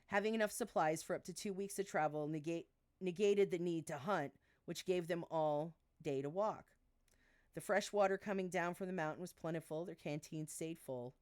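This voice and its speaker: A woman's voice: on the low side, normal speed, darkish tone. A woman reading her own novel aloud on a live stream, giving the characters light voice shifts and stopping now and then to correct herself. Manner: reads dialogue with small voice shifts, stumbles and restarts, laughs at her own asides.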